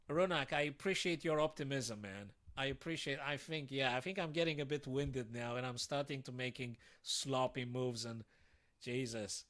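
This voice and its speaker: A man's voice: mid-range voice, moderate pace, a bit bright. A man streaming live chess puzzles, thinking aloud to his viewers and breaking into sudden frustrated outbursts.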